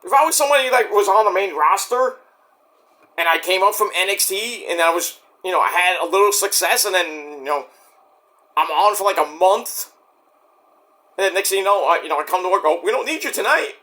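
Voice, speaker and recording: Male vlogger, high bright voice, rambling and profane, slips into acted-out quotes. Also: brisk. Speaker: wrestling commentary vlogger. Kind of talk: casual rant.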